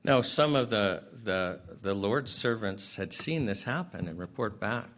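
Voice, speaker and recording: A man speaking at a public inquiry, retelling a parable in an earnest, plain-spoken way with casual asides, and often clearing his throat between phrases. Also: on the low side, lively intonation, a little slow, fairly bright tone.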